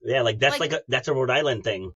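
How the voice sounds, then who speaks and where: A man, a coach appearing as a podcast guest, talking in a relaxed, blunt way that often repeats words and starts over. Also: medium pitch, fast talker, husky, dry recording, lo-fi sound. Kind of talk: casual interview chat.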